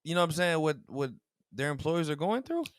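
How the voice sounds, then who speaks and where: A man's voice: fairly high pitch, a little fast, dry recording, studio quality. A man co-hosting a podcast, telling stories in casual chat and acting out the quotes he tells. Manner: animated storytelling, acts out quotes, laughs often. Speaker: podcast co-host.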